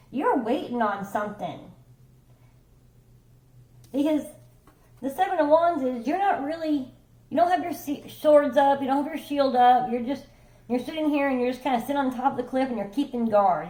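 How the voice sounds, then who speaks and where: A woman's voice: sits high, moderate pace, mellow, echoey room, rough recording. A woman giving a casual tarot reading, rambling and chatty, checking in with her listener and swearing offhandedly. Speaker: tarot reader.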